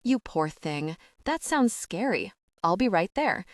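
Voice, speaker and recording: A woman's voice: medium pitch, big pitch swings, measured pace, no echo, clean studio sound, recorded from a distance. A woman voicing a nervous, wry young woman who has just come out of a long relationship, sounding flustered and self-deprecating. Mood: mock sympathy. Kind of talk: audiobook dialogue.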